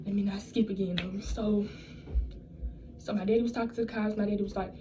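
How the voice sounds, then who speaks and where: A woman's voice: mid-range voice, steady tone, brisk, background noise. A young woman telling a personal story in a casual storytime vlog, blunt and profane, rambling and restarting her sentences. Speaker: vlogger.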